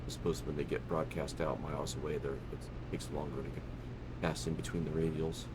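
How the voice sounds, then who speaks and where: A man's voice: rumbling low, little pitch movement, fairly quick, very noisy. A man hosting a live stream, chatting casually and rambling as he flies a flight simulator, often correcting himself and laughing.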